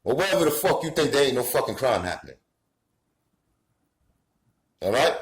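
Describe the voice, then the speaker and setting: A man's voice: medium pitch, very animated, normal speed, echoey room, low-quality recording. A man from the Bronx with a New York accent, delivering a profane, heated rant to camera. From New York City, the Bronx. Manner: swearing, heated, rising to shouts. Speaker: commentator.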